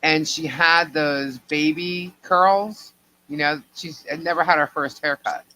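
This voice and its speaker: Bright-voiced rambling woman telling stories. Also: low voice, fairly even intonation, a little slow, rough recording. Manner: rambling, chatty, laughs between sentences. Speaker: livestream co-host. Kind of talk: casual live-stream storytelling.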